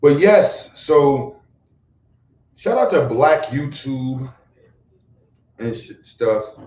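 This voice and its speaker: Rambling guy, echoey room. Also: recorded from a distance. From Brooklyn, New York. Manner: rambling, swings from loud outbursts to low mutters. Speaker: livestream host. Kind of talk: casual livestream chat. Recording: echoey room, away from the mic.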